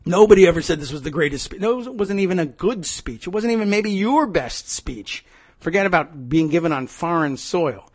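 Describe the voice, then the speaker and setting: A man's voice: high-pitched, animated, moderate pace, darkish tone, husky. A man hosting a political commentary podcast, talking in a sarcastic, ranting way. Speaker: podcast host.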